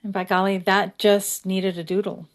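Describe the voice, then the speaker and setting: A woman narrates her own creative project in an easy, chatty way. Her voice sits in a middle pitch and stays relaxed. Now and then she slows down to read a short passage aloud. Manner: relaxed, chatty, reads verses aloud slowly. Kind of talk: casual craft tutorial narration.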